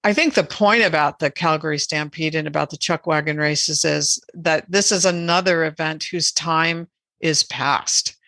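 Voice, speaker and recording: Woman guest, bright and forceful, dry close mic, measured and earnest. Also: low-pitched, dry recording. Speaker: animal rights advocate guest. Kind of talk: podcast interview.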